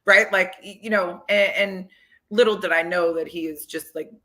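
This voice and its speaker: A woman guest on an interview podcast, a football coach, telling stories in an animated, chatty way with many "like"s and "you know"s. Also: lowish voice, normal speed. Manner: animated, retells conversations with lots of "like" and "you know". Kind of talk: conversational interview storytelling.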